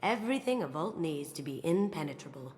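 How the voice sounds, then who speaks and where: A woman's voice: deep voice, very animated, brisk, a little mellow, long reverb tail, slight background noise. A woman voicing a sly young female master thief in a video game, cocky and playful. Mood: confident. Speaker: game character.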